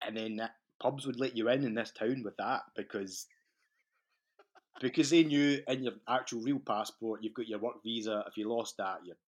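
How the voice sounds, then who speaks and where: A man's voice: medium pitch, normal speed. Scottish man telling tales, swearing freely. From Scotland. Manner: swears freely and laughs through his stories. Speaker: podcast guest. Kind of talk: casual storytelling chat.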